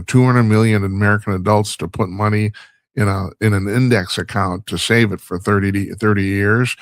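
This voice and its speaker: A man's voice: fairly low pitch, dry recording. A man hosting a talk show, delivering a rambling, wry monologue and laughing at his own stumbles. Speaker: radio talk show host. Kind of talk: casual monologue commentary.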